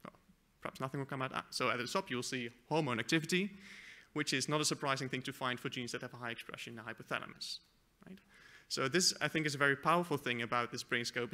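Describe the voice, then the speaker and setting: A man giving a conference presentation, walking through a live software demo with a few fillers and self-corrections. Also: mid-range voice. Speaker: conference speaker. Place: conference hall.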